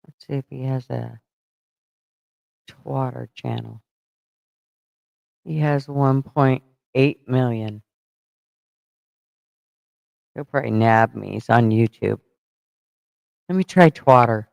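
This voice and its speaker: Male livestream host, rambling and profane, smooth tone in a dead-dry space. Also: mid-range voice, slow, long pauses, darkish tone, dry recording, rough recording. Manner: rambling, thinks aloud while fumbling with stream setup; blunt and profane, mock-scolding chat. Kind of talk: casual livestream chat.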